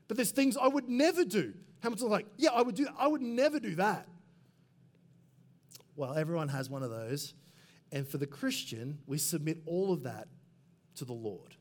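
A man preaching a sermon in a relaxed, conversational way, full of asides and quick fillers. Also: a little high. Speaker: pastor.

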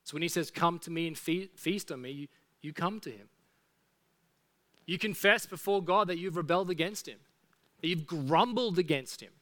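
Bright-voiced man preaching a sermon. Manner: earnest preaching, dropping soft and low for appeals. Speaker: pastor.

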